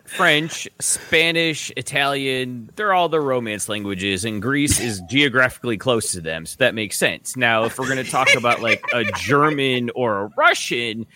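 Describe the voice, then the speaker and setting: A man co-hosting a podcast, telling stories in an excitable, profane, joking way. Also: medium pitch, normal speed, hardly any pauses, slight background noise. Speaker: podcast co-host. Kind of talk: casual podcast chat.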